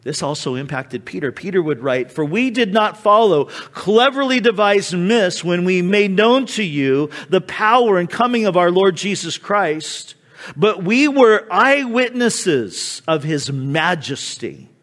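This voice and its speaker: High-voiced man preaching with dramatic swings. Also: animated, unhurried, a bit bright. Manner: dramatic, acting out quoted speech with sudden drops and swells. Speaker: pastor. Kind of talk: sermon.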